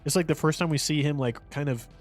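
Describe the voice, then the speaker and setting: A man's voice: fairly high pitch, quick pace, faint music behind. A man co-hosting a podcast, reviewing a movie in casual, rambling chat full of fillers and restarts. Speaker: podcast co-host.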